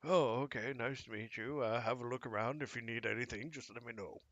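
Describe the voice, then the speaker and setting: A man's voice: medium pitch, fairly quick, fairly bright tone, no echo, lo-fi sound, natural voice. A man voicing a senile, forgetful old male archivist in a tabletop role-play, talking in a confused, rambling way.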